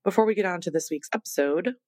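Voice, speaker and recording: A woman's voice: on the low side, fast, warm tone, no room sound. Chatty, self-deprecating woman podcast host. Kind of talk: casual solo podcast intro.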